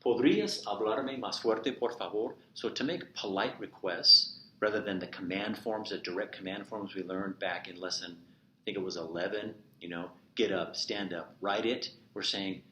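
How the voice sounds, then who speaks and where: A man teaching a recorded remote Spanish lesson, explaining verb endings and repeating each example slowly. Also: lowish voice, pushed and bright. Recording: echoey room with faint noise.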